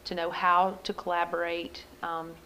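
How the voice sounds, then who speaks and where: Woman educator, monotone, matter-of-fact, light room noise. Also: on the low side, normal speed, low-quality recording. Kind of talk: documentary interview.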